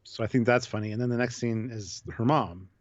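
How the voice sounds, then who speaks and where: A man co-hosting a casual chat show with a dry, deadpan manner. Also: medium pitch, a little fast, crowd noise. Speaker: podcast co-host. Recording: dull lo-fi sound.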